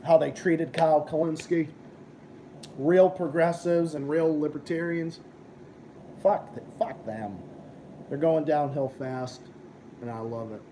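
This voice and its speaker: A man's voice: medium pitch, warm tone, slight background noise. A young man hosting a live stream, ranting and swearing as he chats with viewers. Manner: profane, ranting, combative. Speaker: livestream host. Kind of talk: casual live-stream chat.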